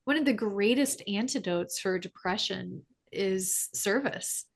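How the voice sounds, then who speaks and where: A woman hosts a podcast in a relaxed, conversational way. Her voice sits at a middle pitch. She sounds affirming and reflective with her guest. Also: a little slow, gravelly. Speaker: podcast host. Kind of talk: casual interview chat.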